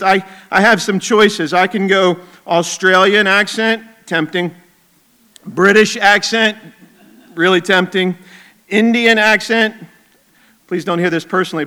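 A man preaching a sermon in a conversational way, with asides and a move into a quiet, intense tone. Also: high voice, steady tone, unhurried, clean tone. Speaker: pastor.

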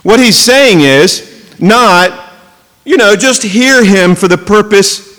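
A man preaching a sermon from the pulpit, his voice sitting high for a man. He tells stories in a chatty, joking way, then slows down and leans hard on key words. The sound rings out with the long reverb of a church hall. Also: fairly bright tone. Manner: conversational storytelling with jokes and asides. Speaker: pastor.

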